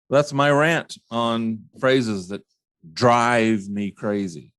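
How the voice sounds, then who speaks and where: A man hosting his own show, ranting casually about overused phrases, stumbling and restarting often and mimicking others in a high mocking tone. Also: fairly even intonation, a bit bright, slight background noise. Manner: halting restarts, repeats words. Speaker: podcast host. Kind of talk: casual solo rant.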